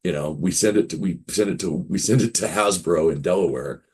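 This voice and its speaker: Speaking a little fast in a low, slightly rough voice with a darkish tone, a fifty-something game publisher guests on an interview. He meanders through casual anecdotes, acting out what others said.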